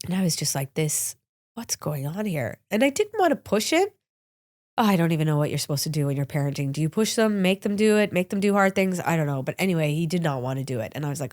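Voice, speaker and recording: Chatty, slightly lower-voiced woman podcast host. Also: animated, fast talker, a little mellow. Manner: chatty, open, with frequent "like" and restarts. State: slightly congested, sniffling. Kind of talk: candid personal storytelling.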